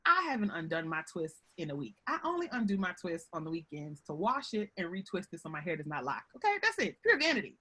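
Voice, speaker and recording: A woman giving a lively, chatty webinar talk over a video call from home, often calling her audience y'all. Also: fairly low pitch, fast talker, few pauses, slightly rough. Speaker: guest speaker on workplace relationships.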